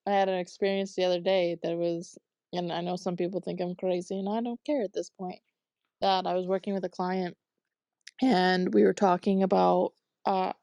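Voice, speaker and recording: Mellow-voiced woman, swearing storyteller. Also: on the low side, dry recording. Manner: animated storyteller, swears freely. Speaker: coach working with clients. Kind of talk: candid podcast conversation.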